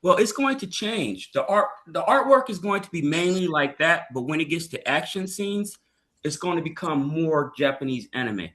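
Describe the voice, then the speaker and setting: A man's voice: fairly high pitch, expressive, moderate pace, fairly bright tone. A man in casual chat, explaining plans for his artwork and chiming in with short replies.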